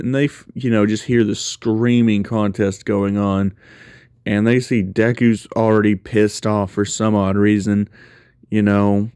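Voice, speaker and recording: A man's voice: on the low side, a little mellow, clean tone, no echo, clean studio sound. A man casually telling a fan story aloud, with many fillers and restarts.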